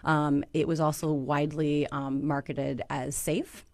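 Low-voiced woman reporter, halting. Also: little pitch movement, a little mellow, dry recording. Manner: earnest, halting with fillers. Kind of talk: news panel discussion.

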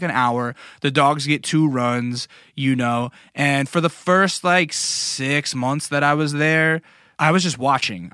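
Bright-voiced man rambling casually. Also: medium pitch, no echo, studio quality. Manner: loose, rambling, profane storytelling. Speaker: podcast host. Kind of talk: casual monologue.

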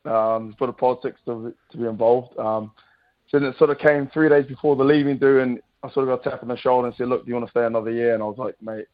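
Relaxed New man with a worn voice. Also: mid-range voice, fast, narrow, tinny audio. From New Zealand. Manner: relaxed, laughing, says mate often. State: voice a bit worn from celebrating. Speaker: rugby player guest. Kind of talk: casual radio chat.

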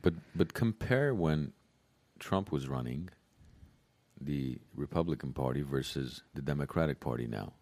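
A man's voice: extremely low pitch, animated, measured pace, a little mellow, dry recording. A man co-hosting a casual political chat, arguing his points and explaining with examples.

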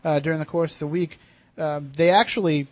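A man's voice: fairly high pitch, steady tone, a little mellow, dry recording. A man hosting a radio show in casual, rambling chat, often restarting his sentences. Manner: quick, chatty, rambling with restarts.

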